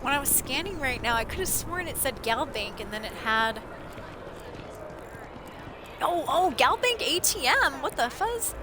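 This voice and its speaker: Hoarse-voiced woman streamer. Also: sits high, measured pace, long pauses, noisy background. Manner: chatty, excitable, talks to chat. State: losing her voice. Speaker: livestreamer. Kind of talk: casual gameplay commentary. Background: game music.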